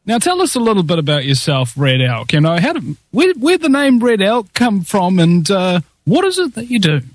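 A man's voice: high voice, huge pitch swings, normal speed, no echo. A man with a New Zealand accent hosting a talk show, joking and sarcastic in casual chat. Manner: jokey, sarcastic, often laughing.

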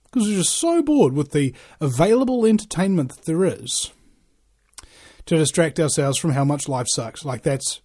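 A man rants through a rambling monologue, swearing freely and firing off rhetorical questions. His pitch swings widely, leaping up when he gets worked up and sinking low when he settles. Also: a little mellow, husky. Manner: profane, ranting, rhetorical questions.

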